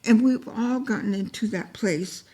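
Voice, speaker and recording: A woman's voice: on the high side, normal speed, warm tone. A woman leading an informal Bible lesson, emotive and repetitive, often acting out heartfelt cries to God as she encourages her listeners. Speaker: Bible study teacher.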